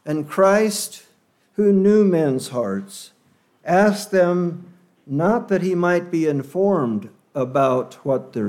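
A man preaching a sermon in an earnest, measured way, leaning hard on key words. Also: on the high side, darkish tone.

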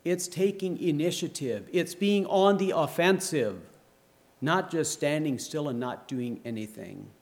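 A man's voice: a little high, measured pace. A man preaching a sermon, reading a story aloud and quoting scripture. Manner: reads story aloud, raising voice for quoted shouts.

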